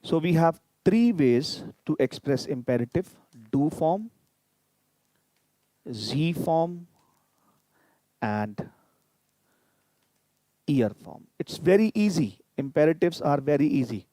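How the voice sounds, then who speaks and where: A man's voice: a little high, big pitch swings, slow pace, pauses often, warm tone, no room sound. A man teaching a live online grammar lesson, explaining patiently and repeating each example. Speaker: language teacher.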